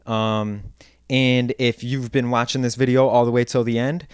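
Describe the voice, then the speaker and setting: A man's voice: medium pitch, level tone, normal speed, clean tone, dry recording, studio quality. A man from upstate New York with an upstate New York accent, explaining in a slangy, laid-back, self-mocking way. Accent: Upstate New York (Northern Cities vowel shift). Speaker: vlogger. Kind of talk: casual explainer vlog.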